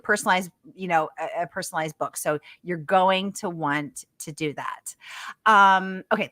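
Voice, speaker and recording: Bubbly bright-voiced woman host. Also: on the low side, dry recording. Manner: bubbly and gushing, quick asides, frequent laughs. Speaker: host of a livestream author Q&A. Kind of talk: casual livestream hosting, reading viewer comments.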